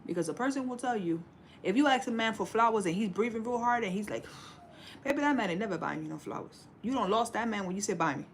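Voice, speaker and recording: Talking fast with an expressive, medium-pitched voice, this woman in her forties livestreams sassy, preachy relationship advice to her viewers. Everyone is "baby" to her in the casual chat, and a faint hiss or hum runs underneath.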